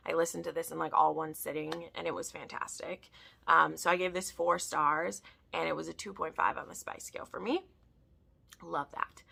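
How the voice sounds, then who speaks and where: A woman's voice: lowish voice, vocal fry, sharp tone. A woman chatting casually in a book review vlog, peppering her talk with "like". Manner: chatty, frequent "like" fillers.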